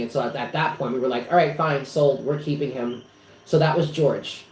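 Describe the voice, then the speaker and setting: A psychic reader hosts a live stream from his apartment, chatting casually in a rambling, emotional way full of fillers. His voice is medium-pitched and darkish, at a normal speed. The room is echoey with faint background noise.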